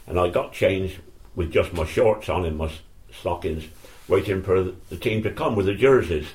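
A man's voice: low-pitched, moderate pace, darkish tone. An older man telling old stories in a rambling, self-correcting way during an interview. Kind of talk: reminiscing oral history.

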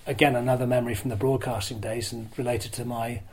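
As a guest in an interview, an older former rugby broadcaster recounts his broadcasting days in an animated, self-mocking way full of restarts and asides, acting out the shouts of crowds as he tells his stories. He talks fast at an ordinary middle pitch. The audio is poor, with light background noise under the conversation.

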